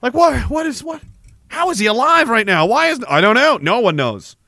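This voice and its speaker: A man riffing casually in a comic bit, animated and giggling often. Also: very high voice, vocal fry, no room sound, studio quality. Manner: animated, giggling, quick to jump into voices.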